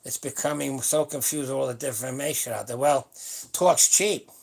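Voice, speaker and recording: Speaking at a medium pitch with fairly even intonation, this man in his seventies talks fairly quickly in a creaky voice. He's the host of a powerlifting channel, rambling bluntly and saltily in a casual livestream chat captured on a webcam or phone.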